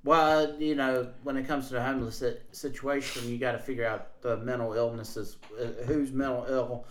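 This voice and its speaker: A man's voice: medium pitch, fairly even intonation, moderate pace, a bit bright, echoey room, a little hiss or hum. A man talking bluntly in a casual conversation, rambling and restarting his sentences.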